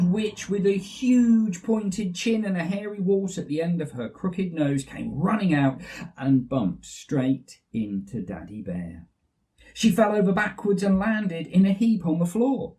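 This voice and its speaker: A man's voice: high-pitched, recorded from a distance. English man reading a children's story aloud. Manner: lively, expressive, unhurried.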